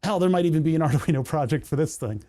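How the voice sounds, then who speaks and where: A man's voice: a little high, lively intonation, quick pace, dark tone. A young man from the United States, chatting casually on a live stream, rambling through jokey rants and laughing often.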